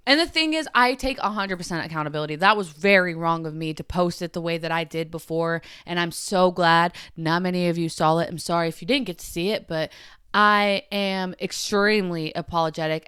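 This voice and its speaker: A woman talks straight into her camera, hosting her own podcast in an earnest, emotional monologue full of "like" fillers and half-finished thoughts. Her voice is smooth and clear at a middling pitch. The recording is close and completely dry. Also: a bit bright, dry recording. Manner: earnest and emotional, with frequent "like" fillers and trailing restarts. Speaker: podcast host. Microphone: camera mic.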